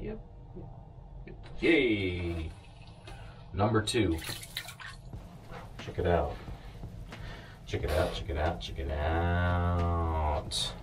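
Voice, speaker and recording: Speaking in a low pitch on a distant mic and a low-quality recording, this man vlogs from his ice fishing shack. He's an excitable fishing vlogger and rental guide who talks both to his viewers and to the fish, rooting them on.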